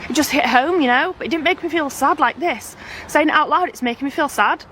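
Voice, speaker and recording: A British woman with a high, fairly quick, slightly bright voice chats to her camera as a family vlogger, gushing, emotional and rambling. A little hiss or hum is audible.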